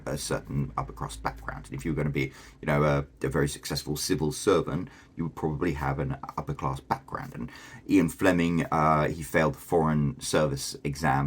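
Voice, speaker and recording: A British man with a bass voice, slightly rough, and a posh southern English accent hosts a video with enthusiasm. It's casual talking-head commentary.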